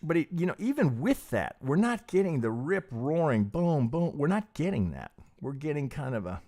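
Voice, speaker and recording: Profane, animated man talking trading charts. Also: on the high side. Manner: profane, animated, mimics clueless traders in quick asides. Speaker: trading stream host. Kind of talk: casual live chart commentary.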